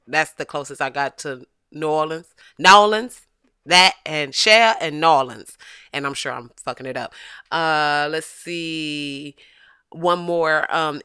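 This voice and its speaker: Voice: medium pitch, smooth, dry recording, studio quality. A podcast host in casual, comedic chat, laughing often and slipping into voices when quoting people. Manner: animated, laughs often, slips into quoted voices.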